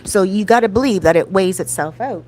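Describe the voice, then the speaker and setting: A woman's voice: mid-range voice, darkish tone, slight background noise. A woman telling a story to her viewers in a casual vlog, chatty and often checking in with "right?".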